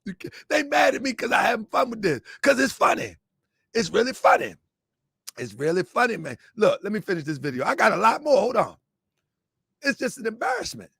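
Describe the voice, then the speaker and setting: A man's voice: high-pitched, wildly swooping pitch, a little fast, gravelly, fairly bright tone, slightly rough. A man giving a mocking commentary vlog, asking rhetorical questions and laughing often. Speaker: online commentator.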